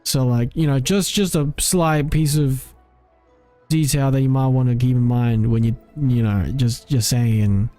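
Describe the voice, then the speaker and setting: A man's voice: medium pitch, steady tone, a little slow, dark tone, faint music behind. Rambling man streaming a game. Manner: rambling, self-interrupting, laughs at himself. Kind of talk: casual gameplay commentary.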